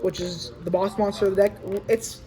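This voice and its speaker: A woman casually explaining her card game deck, talking in a halting way with restarts and fillers. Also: medium pitch, fairly even intonation, a crowd in the background, poor audio. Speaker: tournament winner showing her deck.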